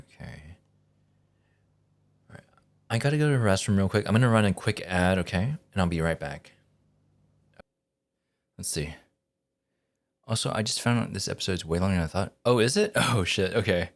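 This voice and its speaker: Low-voiced man streaming a game. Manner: thinking aloud, hesitant with restarts and fillers. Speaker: streamer playing a story game. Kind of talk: casual live-stream commentary.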